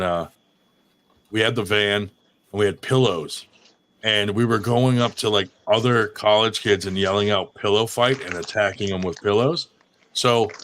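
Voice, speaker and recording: A man's voice: fairly low pitch, fairly bright tone, a little hiss or hum. Profane laughing storyteller man. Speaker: podcast co-host. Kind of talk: casual storytelling.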